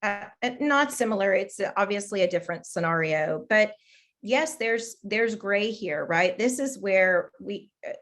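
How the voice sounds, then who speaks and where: A woman from Texas, a debate speaker, answering questions earnestly and haltingly over a video call. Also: medium pitch, expressive, fairly bright tone.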